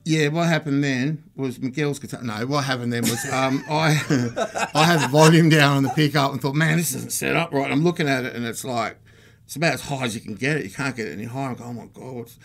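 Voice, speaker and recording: A man's voice: mid-range voice, fairly quick. A man with a slightly barky voice, co-hosting a casual chat about guitars, laughing and rambling as he explains things. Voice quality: a bit barky. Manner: laughing, rambling, self-deprecating. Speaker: co-host. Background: guitar playing.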